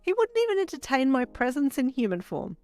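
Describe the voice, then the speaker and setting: A woman's voice: high voice, big pitch swings, a little fast, darkish tone, faint music behind, pitched above the performer's own voice. A woman voicing a flustered teenage girl stuck in cat form, with squealing, exasperated outbursts. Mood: mortified.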